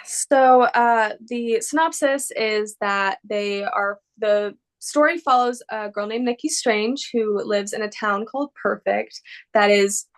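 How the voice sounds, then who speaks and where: A woman's voice: mid-range voice, slow. A woman actress answering interview questions in a casual, rambling and gushing way, full of fillers. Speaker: actress guest.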